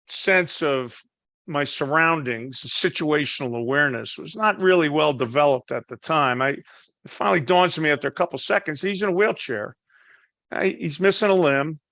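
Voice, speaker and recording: A man, a Marine veteran, telling a story in a casual, animated way and acting out the people in it. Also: fairly high pitch, normal speed, creaky, no echo, dull audio. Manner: animated, acts out voices in his anecdotes.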